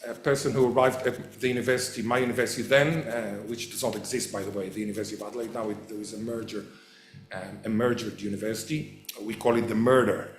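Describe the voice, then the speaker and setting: A man's voice: lowish voice, fast, a little hiss or hum. Man lecturing in an echoey hall. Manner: animated storyteller, quotes voices, restarts. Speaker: professor and lecturer. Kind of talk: public lecture. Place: event hall.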